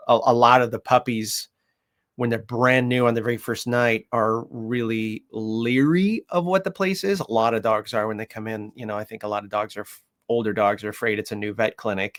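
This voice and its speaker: A man who trains dogs, chatting casually and telling animated stories, often laughing and switching into high, playful voices for the people and dogs he quotes. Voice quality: chatty with frequent fillers and laughs. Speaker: dog trainer. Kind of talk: casual chat.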